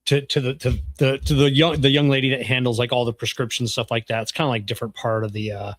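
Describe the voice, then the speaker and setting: A man co-hosting a casual podcast, telling a story in a rambling, halting way. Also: mid-range voice, flat delivery, a bit bright, no room sound. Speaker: podcast co-host. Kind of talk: casual chat.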